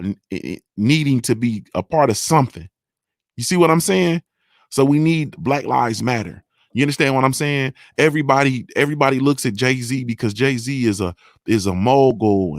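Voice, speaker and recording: Here a mid-range male voice is recorded dry and clean, studio-style. He's a morning show host in the middle of an unscripted, profane political rant, pushing hard on every point and regularly asking if people understand what he's saying.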